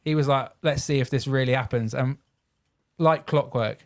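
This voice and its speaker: A man with a southern English accent co-hosting a casual chat, easygoing and quick to laugh. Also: medium pitch. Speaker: podcast co-host.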